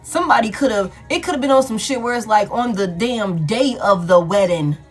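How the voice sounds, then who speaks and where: A woman giving a casual tarot reading in a blunt, profane, animated way, repeating herself for emphasis. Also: medium pitch, fairly quick, faint music behind. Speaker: tarot reader.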